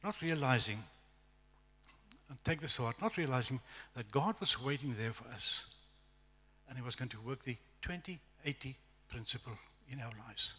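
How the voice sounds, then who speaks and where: A middle-aged man with a South African accent, telling a lively, self-deprecating testimony as a guest preacher at a church evening service. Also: mid-range voice, normal speed, husky. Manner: storytelling, animated, self-deprecating humor. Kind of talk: testimony sermon. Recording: echoey church hall reverb.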